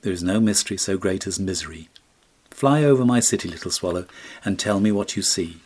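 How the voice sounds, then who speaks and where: A man's voice: low-pitched, animated, brisk, darkish tone. A man voicing a compassionate prince statue who gives away his jewels, speaking solemnly and with command. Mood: earnest.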